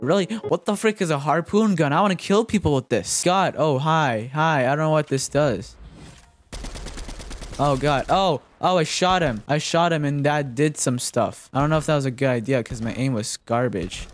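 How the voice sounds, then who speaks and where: A man's voice: on the high side, normal speed. Frantic, jokey young man gaming. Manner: frantic, jokey, repeats himself, yelps when startled. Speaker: gaming commentator. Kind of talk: casual gameplay commentary.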